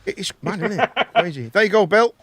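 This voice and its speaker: A man's voice: high-pitched, lively intonation, fairly quick, fairly bright tone, slight background noise. A man, hosting a casual live chat show, rambling and joking as he talks. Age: 30s. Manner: rambling, jokey, trailing off. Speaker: host.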